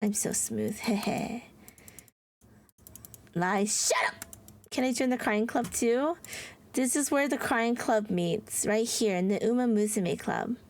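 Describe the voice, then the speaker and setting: A woman with a slightly high voice streams and chats casually with her viewers. She is playful and giggly, answering chat as she goes. She slips into mock-whiny, dramatic teasing. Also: takes it slowly, darkish tone.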